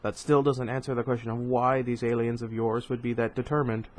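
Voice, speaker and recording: A man voicing an oily, smoothly polite male alien politician who sounds skeptical. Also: medium pitch, level tone, brisk, darkish tone, lightly acted.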